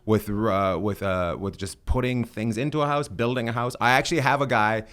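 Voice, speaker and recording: A man's voice: medium pitch, normal speed, a bit bright. A middle-aged man hosting a podcast, chatting in a rambling, joking, self-deprecating way. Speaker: podcast host. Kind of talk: casual chat.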